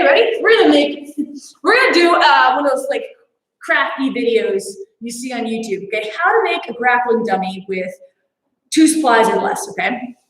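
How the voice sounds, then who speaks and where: A woman's voice: high-pitched, a bit bright. A young woman teaching an online martial arts class from her home training space, chatty and playful, laughing often. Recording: very echoey room.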